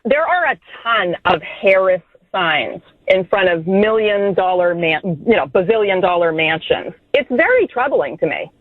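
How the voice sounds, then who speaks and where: A woman calling in to a talk radio show, earnest and troubled, speaking in halting bursts. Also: medium pitch, very animated, no echo. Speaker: caller. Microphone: telephone. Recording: tinny phone line.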